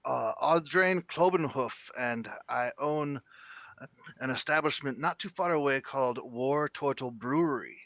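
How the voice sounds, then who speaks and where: A man's voice: medium pitch, a little slow, fairly bright tone, dry recording. A man voicing an earnest, red-bearded dwarf who owns a brewery.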